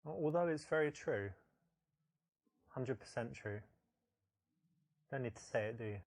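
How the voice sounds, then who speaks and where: A man's voice: medium pitch, lively intonation, a little slow, a little mellow. An actor playing a male dating coach in a game, explaining advice in a matter-of-fact way. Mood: advising.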